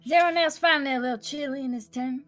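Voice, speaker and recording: A woman's voice: high-pitched, racing, soft background music. A woman player bantering in character during a tabletop game, teasing and playful.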